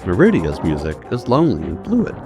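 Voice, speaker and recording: Deep-voiced man narrating a video essay. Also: huge pitch swings, a little fast. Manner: emphatic, building to punchy statements. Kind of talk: scripted narration. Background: faint background music.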